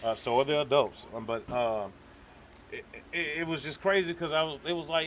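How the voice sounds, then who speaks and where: A man with a fairly high voice tells a story in casual chat and acts out the voices of the people in it. Faint noise sits behind him. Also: normal speed. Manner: animated storytelling, quotes people in raised voice. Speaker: podcast co-host.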